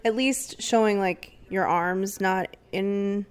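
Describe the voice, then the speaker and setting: A woman's voice: mid-range voice, takes it slowly, clear, resonant tone. A young woman co-hosting a podcast, chatting loosely with lots of fillers and frequent laughter. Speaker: podcast co-host. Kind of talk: casual chat.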